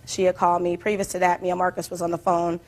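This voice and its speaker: Before a judge, a woman plaintiff recounts events at length in plain courtroom testimony. Her account is rambling and animated, piling on detail after detail. She talks fast in a fairly low voice.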